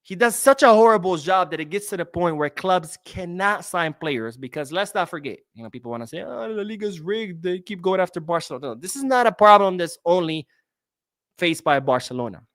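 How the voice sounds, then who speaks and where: A man's voice: high voice, lively intonation, a little fast, a bit bright, no echo, clean studio sound. A young man hosting a live-streamed football podcast, ranting sarcastically and reading out viewer comments. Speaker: podcast host.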